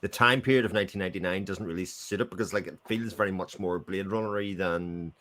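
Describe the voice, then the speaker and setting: A man's voice: low voice, fast, a bit bright. A man giving his views in a casual, chatty film discussion. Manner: chatty, opinionated.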